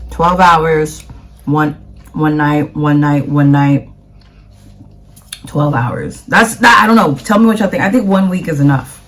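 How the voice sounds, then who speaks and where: A woman's voice: low voice, measured pace. A woman from the United States, a vlogger chatting casually to camera in a rambling way with plenty of fillers.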